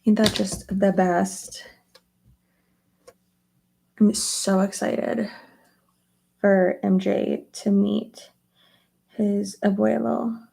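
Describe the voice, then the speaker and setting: A young woman talking through her makeup routine in a loose, rambling way. Her voice is husky and slightly gravelly, with a mellow, relaxed tone. She fills her sentences with likes and ums. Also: mid-range voice, drawn-out words, pauses often. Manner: chatty, rambling with many fillers. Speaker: beauty vlogger. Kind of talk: casual get-ready-with-me chat.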